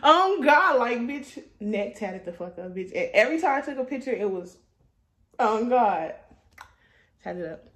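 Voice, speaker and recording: A woman's voice: a little high, very animated, unhurried. A young adult woman telling a storytime vlog in a loose, profane, laughing way. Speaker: vlogger. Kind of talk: casual storytime monologue.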